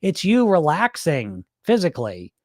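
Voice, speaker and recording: A middle-aged man coaches his viewers in a blunt, loose way and swears without a second thought. His voice sits a bit high and moves around a lot as he talks. The recording is close and dry, with no room sound. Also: unhurried, dry recording. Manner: blunt, animated, swears freely. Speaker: weight loss hypnosis coach. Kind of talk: casual direct-to-camera talk.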